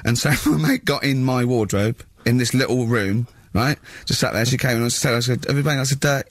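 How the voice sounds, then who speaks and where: A man hosting a radio chat show, telling stories in an animated way and laughing often. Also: medium pitch, fairly quick, no room sound. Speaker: radio host. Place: radio studio.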